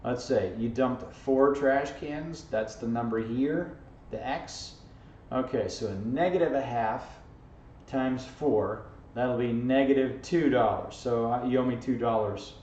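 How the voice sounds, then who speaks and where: A little slow and darkish in tone, his mid-range voice guides a playful, joking algebra lesson in which he keeps checking "okay?" and "right?". The math teacher is filmed informally from across the classroom. The camera audio comes through echoey, distant and dull, with faint hiss.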